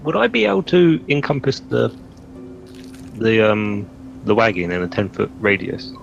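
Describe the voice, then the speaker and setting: A man playing a tabletop game, calmly planning out loud in casual chat. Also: lowish voice, moderate pace, creaky, faint music behind. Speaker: player. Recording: dull lo-fi sound.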